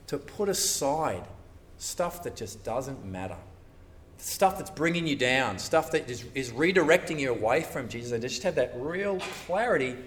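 A man preaching a sermon, animated and conversational, often acting out the voices of churchgoers. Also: mid-range voice, far from the mic, slight background noise.

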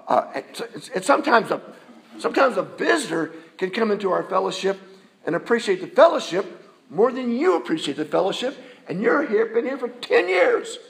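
A man preaching a sermon in a church, his voice pitched high and carrying a gravelly fry. He talks to the congregation in a conversational way and keeps throwing rhetorical questions at them. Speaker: pastor.

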